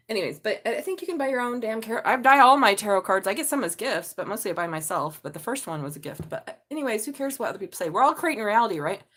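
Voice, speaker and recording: A woman's voice: mid-range voice, animated, quick pace, fairly bright tone. A middle-aged woman reading tarot on a casual live stream, blunt and chatty, swearing freely. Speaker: tarot reader.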